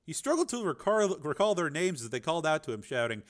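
A man narrating a dramatic audiobook and voicing its characters with shifting pitch. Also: big pitch swings, quick pace.

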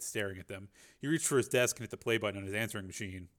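A man narrating a dramatic audiobook and voicing its characters with shifting pitch. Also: brisk, fairly bright tone.

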